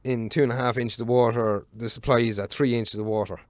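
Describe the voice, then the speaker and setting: A man's voice: mid-range voice, steady tone, a little fast, dry recording. A man in his thirties with an Irish accent, a podcast guest telling a long work story casually, rambling with plenty of fillers and swearing freely. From Ireland. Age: 30s.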